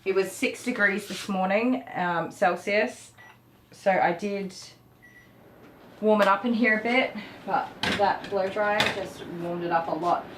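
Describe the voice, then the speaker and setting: A woman's voice: medium pitch, a little slow, a little hiss or hum. Australian woman groomer, echoey distant room. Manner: chatty, thanking viewers and coaxing a dog gently. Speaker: dog groomer livestream host. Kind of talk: casual livestream chat. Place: indoor dog grooming room.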